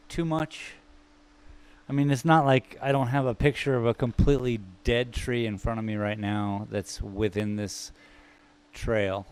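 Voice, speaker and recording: A man's voice: fairly low pitch, a little mellow. A man streaming live as he paints, thinking aloud in a rambling, self-mocking way and chatting with viewers. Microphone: microphone.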